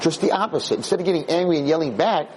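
Animated rabbi giving a rambling class. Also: male voice, a little high, very fast, slight background noise, rough recording. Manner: rambling, animated, searches aloud for words. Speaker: rabbi teaching a Torah class. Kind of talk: informal Torah lecture.

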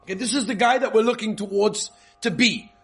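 High-voiced man teaching with Yeshivish English. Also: fairly quick, gravelly. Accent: Yeshivish English with Hebrew and Yiddish terms. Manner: lively, repeats points, frequent "okay?" checks. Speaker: Torah teacher. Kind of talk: informal Torah class.

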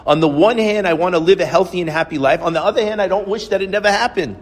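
A woman's voice: fairly low pitch, fast, natural voice. A male preacher voicing a frail, determined elderly woman as he retells her words, in a hall with a long reverb. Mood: earnest.

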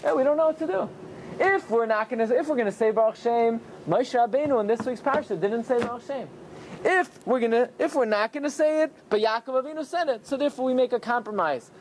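A man giving an animated Torah class, telling the story with lots of rhetorical questions. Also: very high-pitched, fairly quick, slight background noise. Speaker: rabbi teaching Torah.

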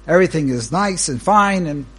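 A man, a rabbi, giving a Torah lecture that opens with a joke, speaking unhurriedly and pausing between short phrases. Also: a little hiss or hum. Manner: animated storyteller whose pitch leaps while telling a joke.

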